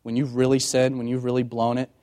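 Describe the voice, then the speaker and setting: A man preaching a sermon as a pastor, moving from loud emphatic passages to quiet, hushed ones and acting out voices in quoted dialogue. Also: completely flat delivery, fast talker. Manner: dramatic, sweeping from loud emphatic highs to hushed tones.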